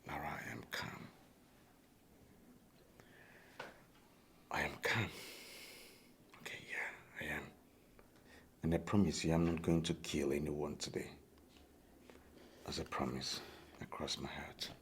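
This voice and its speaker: An actor playing a frustrated male ex-convict who keeps his temper in check, gravelly and sinking to a whisper. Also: rumbling low, fairly even intonation, a little slow, pauses often, a little hiss or hum. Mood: weary. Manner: pained, pleading outbursts. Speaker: ex-convict mechanic.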